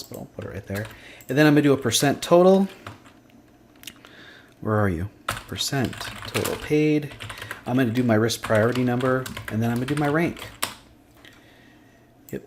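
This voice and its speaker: A man with a medium-pitched voice teaches a spreadsheet lesson over a screen recording, thinking aloud and muttering to himself as he works. There's slight background noise, with faint clicking and typing behind him.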